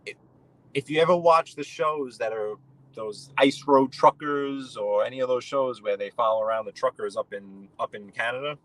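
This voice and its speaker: A casual male streamer from New York, mid-range and a bit bright in voice, rambles at a moderate pace as he drives. He addresses viewers by name, and the recording quality is low.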